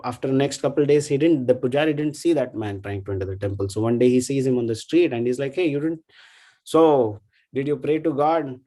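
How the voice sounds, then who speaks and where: A man giving a devotional class talk in a thoughtful, halting way, with frequent fillers and tag questions. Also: medium pitch, dark tone. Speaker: devotional speaker.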